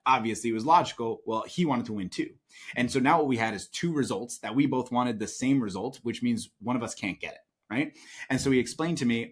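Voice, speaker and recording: Fast-talking husky man. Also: lowish voice. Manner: emphatic, rapid, keeps asking "right?". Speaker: sales coach, guest. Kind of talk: conversational interview.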